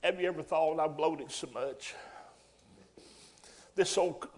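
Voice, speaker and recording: A man preaching a sermon in a folksy way, rising to loud emphatic bursts. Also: fairly high pitch, measured pace.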